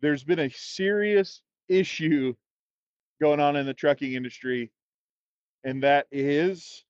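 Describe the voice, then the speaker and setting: A man's voice: on the high side, slow pace, smooth, no echo. A man co-hosting a trucking podcast, chatting casually with profane, teasing humor and frequent laughter. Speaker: podcast co-host. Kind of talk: casual crude banter. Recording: dry, dull lo-fi sound.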